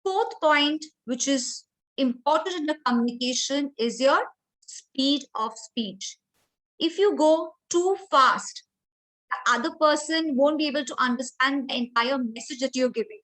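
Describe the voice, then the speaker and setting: A woman from India with an Indian English accent, running an online communication training session with clear, instructive delivery and deliberate emphasis. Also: sits high, a bit bright, poor audio.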